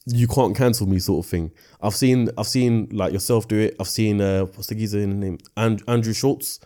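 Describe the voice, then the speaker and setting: Male podcast host, low mellow voice, fast relaxed chat. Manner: easygoing, frequent yeah-yeah backchannels.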